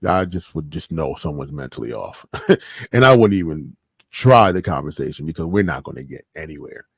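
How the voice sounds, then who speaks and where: A man hosting a podcast, reacting to clips in casual, reflective commentary that often trails off quietly. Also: rumbling low, lively intonation, normal speed, slightly rough, no room sound.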